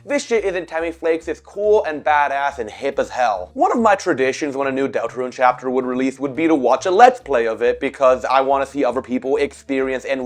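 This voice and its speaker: A man in his twenties with a scratchy, cracking voice, giving profane, animated commentary on a video game. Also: mid-range voice, dry recording. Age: 20s. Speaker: video essayist. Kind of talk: ranting commentary.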